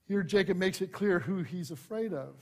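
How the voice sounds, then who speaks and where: A man preaching a sermon, shifting from loud emphasis to hushed asides, conversational with light humor. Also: high-pitched, normal speed. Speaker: pastor.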